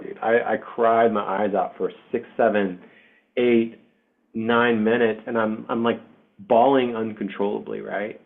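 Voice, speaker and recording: Man, 40s, low voice, candid emotional storyteller with swearing and fillers, heard over thin phone-like call audio. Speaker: spiritual group host. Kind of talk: casual personal storytelling. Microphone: online video session.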